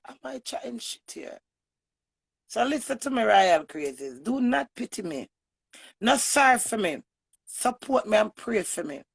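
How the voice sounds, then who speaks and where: A woman with a Jamaican accent giving a heated, emphatic livestream rant to her viewers, swinging from loud bursts to low mutters. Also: creaky, husky. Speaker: online personality.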